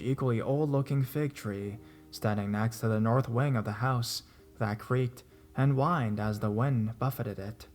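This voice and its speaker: A man reading out first-person scary stories as a horror channel narrator, steady with tense rises. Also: lowish voice. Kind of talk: scripted narration of reader stories.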